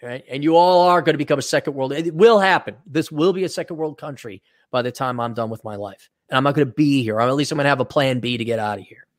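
A man's voice: mid-range voice, quick pace, hardly any pauses, dry recording, studio quality. A man co-hosting a casual talk show, reading out donations and giving blunt, sarcastic opinions. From Wisconsin. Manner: blunt, sarcastic, acts out mocking quotes. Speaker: podcast co-host.

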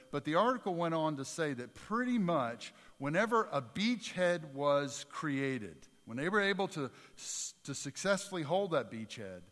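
Guy preaching a sermon, kinda high voice, chatty then punchy, long echo in a big church hall. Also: fairly bright tone. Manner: conversational preaching with repetitions, rising to emphatic peaks. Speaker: pastor.

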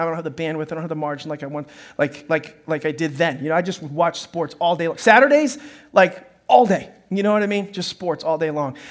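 A pastor giving a sermon, telling stories in a playful way and talking directly to the congregation. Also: male voice, high voice. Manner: storytelling, playful, talks to the congregation.

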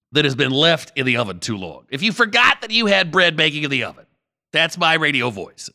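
A man in an over-the-top comic radio-host parody, bouncing wildly from a low, gravelly rumble up to shrill, bright shouted catchphrases. His voice sits high for a man and never stays in one place for long. It sounds hammy and deliberately overdone. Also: sing-song.

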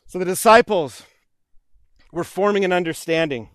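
Male pastor, high light voice, earnest repetitive sermon delivery, dry recording. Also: expressive, moderate pace, a bit bright, no room sound. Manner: earnest, repetitive preaching cadence, voicing pleading prayers.

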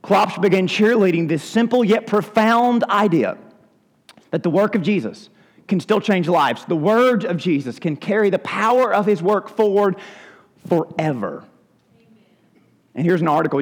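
Animated preaching man in a reverberant hall. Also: sits high, normal speed. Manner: animated preaching, acting out Bible scenes. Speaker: pastor. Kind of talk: sermon. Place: church sanctuary.

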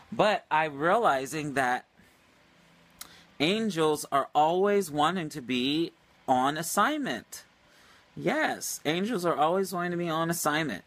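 A man hosting a livestream, telling a story casually in a rambling, animated way with many fillers and restarts. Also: a little high. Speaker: livestream host.

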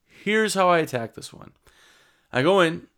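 A man's voice: high-pitched, lively intonation, measured pace, a bit bright, smooth. A man who runs a window cleaning business, giving casual sales advice to camera and acting out exchanges with customers. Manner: conversational, acts out customer exchanges.

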